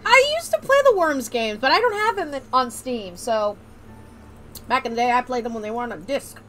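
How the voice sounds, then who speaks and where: A woman's voice: on the high side, normal speed, faint music behind. A woman hosting a casual gaming chat, telling stories playfully. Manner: playful, animated storytelling. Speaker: host.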